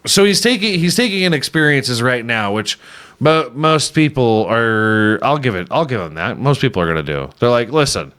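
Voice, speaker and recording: A man's voice: medium pitch, animated, normal speed, fairly bright tone. A man hosting a podcast, riffing casually and irreverently on news stories, swearing often and laughing at his own jokes. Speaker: podcast host.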